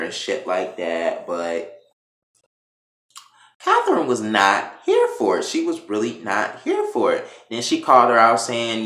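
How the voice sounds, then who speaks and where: A man casually recapping a TV episode, telling it in an animated, profane way. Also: mid-range voice, unhurried. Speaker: TV show reviewer. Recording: echoey room.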